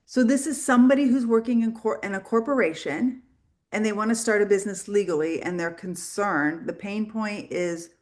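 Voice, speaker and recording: A middle-aged woman teaching a live online sales training, chatty and animated, acting out quoted dialogue in her stories. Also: medium pitch, normal speed. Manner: chatty, many "like" fillers.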